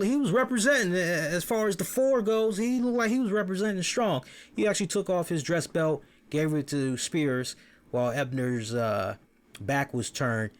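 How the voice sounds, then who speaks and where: A fairly high-pitched man hosts a wrestling review show, delivering animated, casual commentary. He curses freely and tends to repeat words as he starts each thought.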